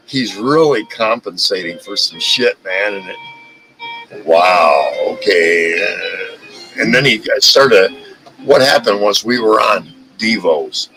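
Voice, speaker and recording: A man hosting a casual live stream, talking in an animated, profane rant. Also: lowish voice, low-quality recording. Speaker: livestream host.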